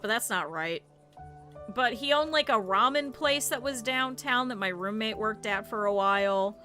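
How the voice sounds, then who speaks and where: A woman streamer telling stories in casual, animated, profane talk, laughing often. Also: fairly high pitch, normal speed, faint music behind. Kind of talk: casual livestream storytelling.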